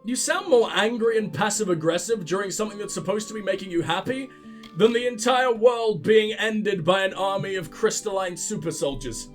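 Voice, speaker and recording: A man's voice: high voice, normal speed, soft background music. A man commentating on his own gameplay, sarcastic and profane, mocking what he sees. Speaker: let's play host.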